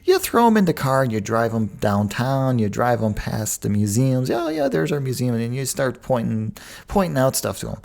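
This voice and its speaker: A man's voice: medium pitch, lively intonation, moderate pace, gravelly, darkish tone. A man hosting a podcast, talking in a rambling, digressive way with frequent restarts. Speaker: podcast host. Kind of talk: casual monologue.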